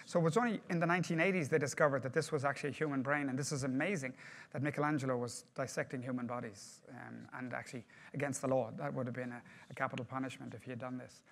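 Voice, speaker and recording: A man's voice: medium pitch, steady tone, fast talker, gravelly, a bit bright. A man giving a project management workshop to a group, talking conversationally and putting questions to the audience.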